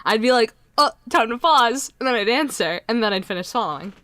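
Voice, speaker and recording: A woman's voice: fairly high pitch, lively intonation, a little fast, a bit bright, dry recording, studio quality. A teenage girl co-hosting a podcast, telling rambling stories in casual chat, full of fillers and giggles. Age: teens. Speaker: podcast co-host.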